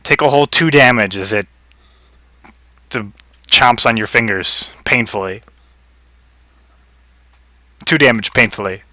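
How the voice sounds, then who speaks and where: A man's voice: medium pitch, unhurried, long pauses, bright, forceful tone, dry recording. A man narrating as game master of a tabletop game, loose and chuckling.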